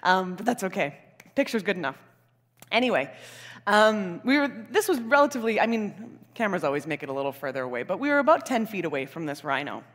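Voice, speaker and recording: A young woman preaches a sermon in a lively storytelling way, with chuckles and asides. Her voice swings widely in pitch. A long reverb hangs behind her, as in a church hall. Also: fast. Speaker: pastor.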